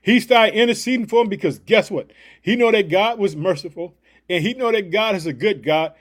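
A man's voice: high-pitched, fairly quick. A man preaching a devotional podcast sermon, fired up and emphatic, leaning on repeated catchphrases.

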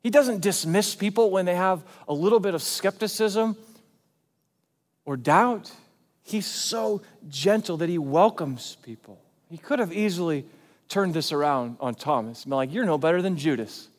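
A man preaching a sermon as pastor, in a conversational, animated way. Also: sits high, a little slow, long reverb tail. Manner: conversational and animated, acting out quotes.

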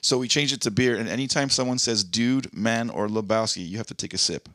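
A man's voice: fairly low pitch, fairly quick, a bit bright, no echo, clean studio sound. A man co-hosting a podcast, chatting in a laid-back way and reading out listener posts. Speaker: podcast co-host. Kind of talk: casual chat.

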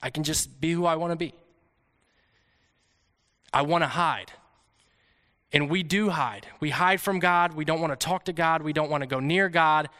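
A young man preaches in an earnest, conversational way, slipping into his own inner voice as he talks. His tone is bright and forceful, sitting a little high for a man. The sound carries a long reverb, as if filling a hall. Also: normal speed, long pauses. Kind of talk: sermon.

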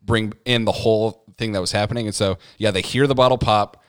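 A man's voice: lowish voice, steady tone, fairly quick. A man co-hosting a podcast, retelling a reality show episode in casual chat and acting out quotes. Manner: storytelling, acts out quotes with laughs. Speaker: podcast co-host.

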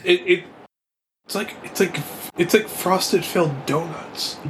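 A man playing a tabletop game, speaking casually and haltingly, often stammering. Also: sits high, fairly bright tone, a little hiss or hum. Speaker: player. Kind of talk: casual chat.

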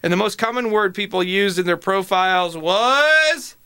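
Bright high guy hosting a podcast, goofy and casual, smooth voice. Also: moderate pace, no room sound, clean studio sound. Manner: jokey, puts on silly voices mid-chat. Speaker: podcast host. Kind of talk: casual comedic chat.

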